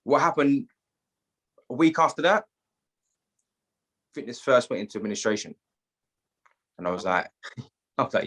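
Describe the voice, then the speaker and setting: A British man with a London accent tells a personal story as a podcast guest, animated and full of street slang. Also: mid-range voice, moderate pace, pauses often, slightly rough. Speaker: guest, gym owner.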